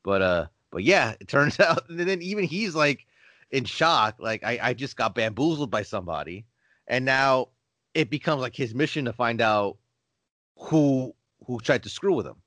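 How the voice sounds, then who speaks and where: A man of middle pitch chats about a movie as a podcast co-host, pausing often and filling gaps with little verbal fillers. His voice is dry and close to the mic. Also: animated, fairly bright tone, no echo. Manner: hesitant, lots of fillers like "like" and "you know". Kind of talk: casual film discussion.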